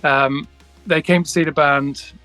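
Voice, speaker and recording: A man's voice: a little high, steady tone, a little slow, bright, forceful tone, no room sound, soft background music. A man, a guest musician, telling a long story in a casual interview, rambling with many restarts and acting out the dialogue.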